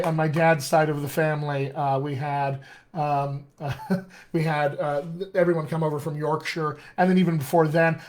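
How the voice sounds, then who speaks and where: A man's voice: fairly high pitch, a little mellow. A man working as a dialect coach, answering viewers' questions in an upbeat, emphatic live-streamed session and talking straight to them. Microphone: webcam or computer mic on a live stream.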